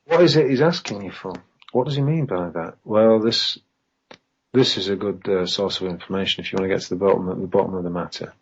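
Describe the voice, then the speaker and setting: A man with a low, quick, slightly breathy voice is a guest on a podcast, chatting casually. He rambles, speaks emphatically, and fires off pointed questions, all over dull, lo-fi online call audio.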